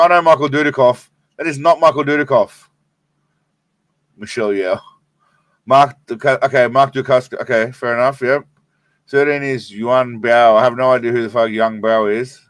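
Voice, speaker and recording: A man's voice: medium pitch, fairly bright tone, dry recording. An Australian man hosting a live stream, rambling and swearing in a laid-back way while stoned. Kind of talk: casual live stream chat.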